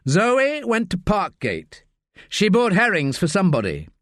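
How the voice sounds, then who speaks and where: A man's voice: high voice, wildly swooping pitch, measured pace, fairly bright tone, no room sound, studio quality, pitched above the performer's own voice, heavily acted. A man doing a harried woman detective. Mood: earnest.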